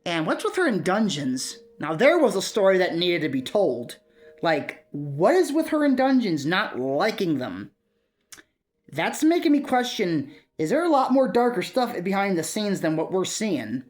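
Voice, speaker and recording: A woman talking casually in a vlog, rambling with many fillers and soft chuckles. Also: on the low side, lively intonation, normal speed. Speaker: video creator.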